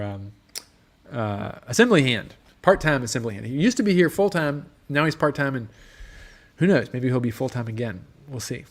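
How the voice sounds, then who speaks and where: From his motorcycle workshop, a man with a mid-range voice streams live in a casual way. He reads out what viewers have commented, his speech loose and wandering, full of ums and restarted phrases.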